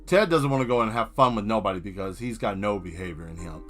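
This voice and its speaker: A man hosting a live art stream, talking in loose, joking riffs as he works. His voice sits at a middle pitch with a bright, edgy tone. Soft music runs faintly in the background. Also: animated, quick pace, hardly any pauses. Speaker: streaming artist. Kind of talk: live-stream chat while drawing.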